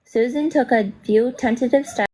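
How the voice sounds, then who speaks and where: A woman's voice: a little high, moderate pace, dark tone, rough recording. A woman reading a novel aloud during a casual stream, with brief asides and spelled-out words.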